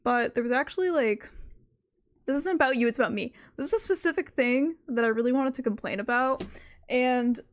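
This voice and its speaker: A woman's voice: high-pitched, brisk. A young woman chatting casually on her stream from her room, rambling and cutting herself off, with "like" in nearly every sentence. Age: young adult. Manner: rambling, self-interrupting, full of "like". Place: her own room at home.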